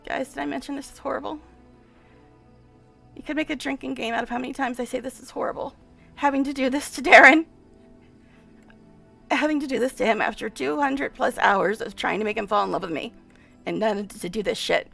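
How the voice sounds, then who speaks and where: A woman talks through a video game in casual commentary, her high voice full of gravelly fry. She sounds exasperated and upset, sighing and saying the same things again and again. The sound is dry and close, with faint music underneath. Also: fairly quick, long pauses, a bit bright, dry recording. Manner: distressed and exasperated, sighing and repeating herself. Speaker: game streamer. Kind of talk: casual let's-play commentary, reading game text aloud.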